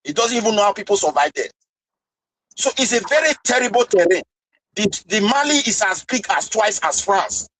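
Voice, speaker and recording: A man argues with passion in a casual discussion, pressing his case with rhetorical questions. His voice sits high for a man. The sound is dry, with no room echo. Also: very animated, moderate pace, fairly bright tone.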